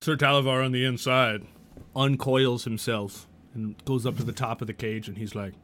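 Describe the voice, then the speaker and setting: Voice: mid-range voice, little pitch movement, moderate pace, a bit bright. A game master narrating a tabletop game in a laid-back way, swearing and joking freely.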